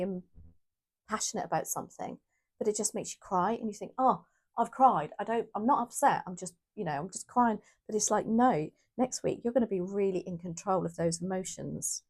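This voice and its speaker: This British woman has a mid-range, dark voice with vocal fry. She gives her viewers a casual, chatty tarot reading, often correcting herself as she thinks aloud.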